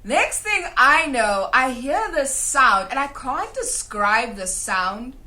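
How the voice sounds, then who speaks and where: A young South African woman co-hosting a podcast, telling a story in casual chat, animated, swearing freely and laughing as she goes. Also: high voice, takes it slowly. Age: young adult. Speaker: podcast co-host.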